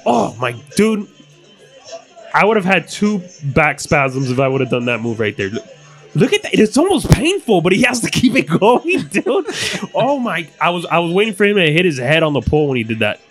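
A man's voice: on the high side, normal speed, soft background music. A man hosting a casual comedy podcast, riffing loosely on funny videos, with plenty of swearing and playful put-on voices. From Miami. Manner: animated, profane, riffing on videos. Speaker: podcast host.

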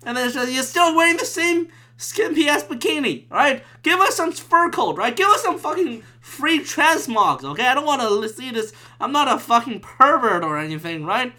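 Bright-voiced man ranting profanely. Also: very high voice. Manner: profane, ranting, frequent restarts. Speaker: gaming commentator. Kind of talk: casual rant to camera.

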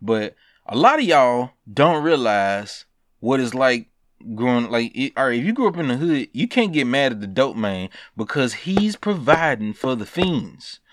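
A man hosting a solo podcast, talking in a blunt, profane, animated way and laughing between rants. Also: mid-range voice, moderate pace, no room sound. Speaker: podcast host. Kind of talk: casual solo podcast rant.

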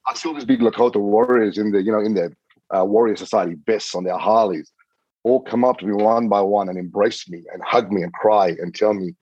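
A man, a podcast guest, telling a story in an earnest, animated way. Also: lowish voice, fairly quick, no room sound, lo-fi sound. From Australia. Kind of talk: storytelling in conversation.

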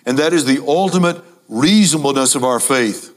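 A man preaching a sermon to a congregation, emphatic, repeating key phrases and speaking to the audience as ladies and gentlemen. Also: mid-range voice, fairly quick.

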